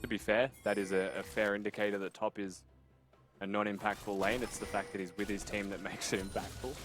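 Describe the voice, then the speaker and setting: A man giving analytical color commentary on a live esports match, thoughtful and quick to laugh. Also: fairly low pitch, level tone, fairly bright tone, faint music behind.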